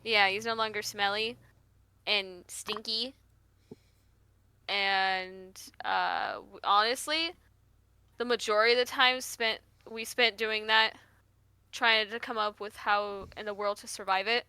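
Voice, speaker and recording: Woman player, slow halting recap, crisp bright voice, dry close sound. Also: medium pitch, steady tone, no room sound. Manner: halting, searching for words. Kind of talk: casual chat.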